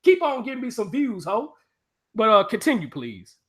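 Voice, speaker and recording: A man's voice: high voice, very animated, moderate pace, fairly bright tone. A man on a casual live stream, ranting profanely and taunting a viewer.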